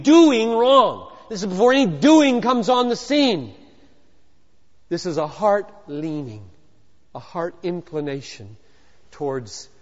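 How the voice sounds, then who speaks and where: A man preaching a sermon, emphatic, swinging from hushed to loud, with rhetorical questions and repetition. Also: very high voice. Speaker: pastor. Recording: dull lo-fi recording in a long-reverb hall.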